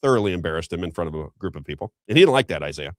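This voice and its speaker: Fast-talking middle-aged male talk host. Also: sits low, no room sound. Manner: rambling, animated, frequent restarts. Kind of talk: casual storytelling commentary.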